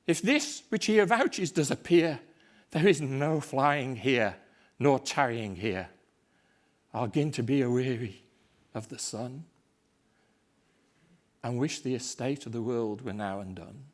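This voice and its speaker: A man performing Macbeth, a desperate, raging Scottish king, in a dramatic stage recitation that moves from hushed despair to shouting fury. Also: medium pitch, a little slow, pauses often, lightly acted. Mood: grim resolve.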